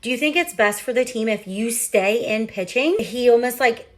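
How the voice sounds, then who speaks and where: A woman's voice: on the high side, moderate pace. A woman in her thirties, a parent of a young athlete, telling a personal story in a casual, candid way, with lots of filler words.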